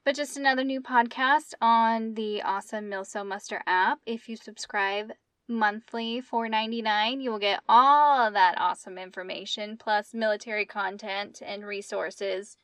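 A woman's voice: mid-range voice, steady tone, normal speed, a bit bright, clear, resonant tone, dry recording. A woman in her thirties co-hosting a podcast, chatting casually and laughing easily. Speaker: podcast co-host. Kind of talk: casual chat.

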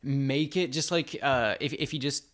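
A man's voice: medium pitch, normal speed, a bit bright. A young man telling a story to a friend in casual chat, joking and laughing often.

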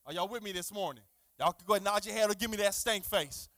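A male guest preacher, his voice pitched very high. He preaches in an animated, chatty way, acting out small conversations and doubling words for emphasis. The recording is close and dry, with no room echo. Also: quick pace. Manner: animated, acts out dialogues, repeats words for emphasis. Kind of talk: lively sermon.

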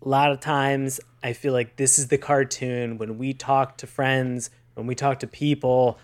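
Male podcast host, mid-range voice, upbeat and animated, casual chat. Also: medium pitch, unhurried. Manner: upbeat, animated delivery with chuckles.

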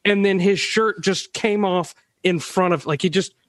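Higher-voiced man telling a childhood story. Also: moderate pace, no echo, clean studio sound. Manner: amazed, animated retelling. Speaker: podcast co-host. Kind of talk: casual storytelling.

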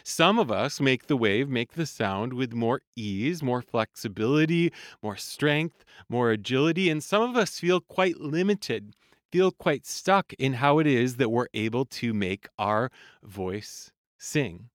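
A man in a voice lesson podcast speaks with a smooth, resonant tone in a dry, close recording. He explains each point calmly and in measured steps. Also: medium pitch, no echo. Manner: calm, explanatory, demonstrates sung vowel sounds. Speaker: voice coach.

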